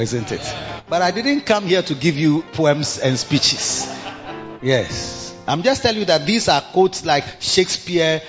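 Male preacher, sermon, slow deliberate delivery, long church-hall reverb. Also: very animated, dull audio, over music. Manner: reads scripture in slow, drawn-out King James cadence; rises in pitch when repeating phrases for emphasis.

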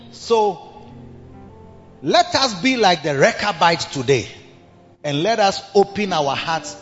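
Animated high-pitched male pastor preaching. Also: big-room sound, dull audio. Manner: dramatic preaching, acts out voices. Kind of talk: sermon. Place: large church hall.

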